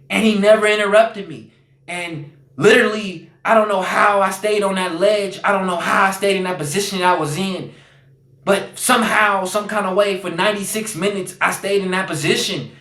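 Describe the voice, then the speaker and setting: A man speaks as a podcast guest, earnest and searching, often repeating phrases and leaning on fillers. His voice sits a little high for a man. The recording carries a noticeable room echo. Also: fairly bright tone. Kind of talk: personal storytelling.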